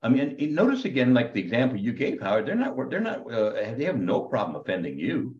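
Animated priest teaching a class. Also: male voice, mid-range voice, roomy sound, muffled recording. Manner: animated, preachy, quick asides. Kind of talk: online class lecture.

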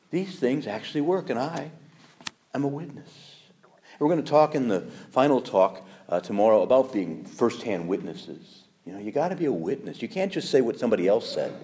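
A man in his fifties, a priest giving an animated, emphatic sermon with quoted asides. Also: a little high.

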